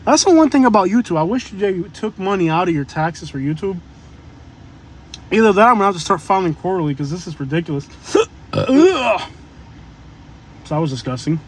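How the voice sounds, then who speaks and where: A man with a notably high voice talks to his livestream audience while in a car. He drifts from topic to topic in a loose, joking, chatty way. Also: very animated, normal speed, long pauses, a little hiss or hum. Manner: rambling, joking, chatty asides to viewers. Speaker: live-stream vlogger. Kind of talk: casual live-stream chat.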